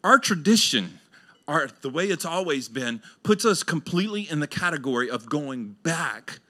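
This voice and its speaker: A middle-aged man preaches a sermon in a church, his voice pitched high and ringing bright. He talks in a loose, colloquial way, acting out listeners' voices. He swings from loud, soaring exclamations down to quiet, low asides. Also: very animated, normal speed. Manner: colloquial, acts out listeners' voices, laughs often. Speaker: pastor. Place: church sanctuary.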